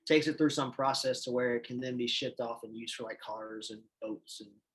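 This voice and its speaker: A man who is an assistant coach, a guest on a podcast, talking in a relaxed, rambling, self-deprecating way. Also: medium pitch, moderate pace, husky, poor audio. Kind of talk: casual chat.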